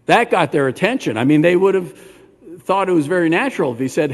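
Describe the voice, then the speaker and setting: An older man, a rabbi preaching a sermon in a synagogue, animated and talking straight to the congregation with questions. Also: on the high side, a little fast. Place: synagogue sanctuary. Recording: long hall reverb.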